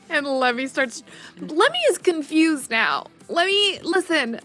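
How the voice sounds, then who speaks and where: A woman narrating a tabletop game as game master, playful and halting, with many fillers. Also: high voice, very animated, fairly bright tone, soft background music.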